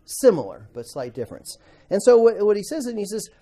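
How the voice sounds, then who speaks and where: A man teaching a Bible class to students, animated, acting out quotes and asking the class questions. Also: sits high, brisk.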